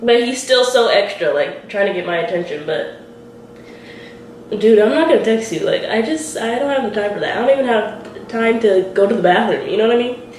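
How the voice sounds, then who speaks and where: A young woman in her twenties telling a story while doing her makeup, animated and giggly, acting out what people said. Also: fairly high pitch, a little fast. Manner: animated, quotes people in lively voices, giggly. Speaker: beauty vlogger. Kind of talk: chatty get-ready-with-me storytelling. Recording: roomy echo with faint hiss.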